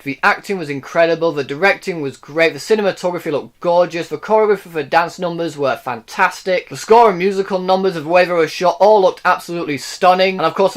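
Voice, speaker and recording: Quick, high-voiced young man reviewing films. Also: a bit bright. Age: young adult. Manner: enthusiastic and gushing. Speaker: movie reviewer. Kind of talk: casual video review to camera.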